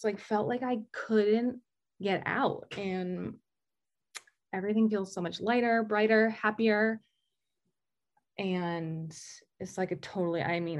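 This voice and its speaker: A woman telling a candid personal story, halting and restarting often with fillers. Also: on the low side. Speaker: guest sharing recovery story.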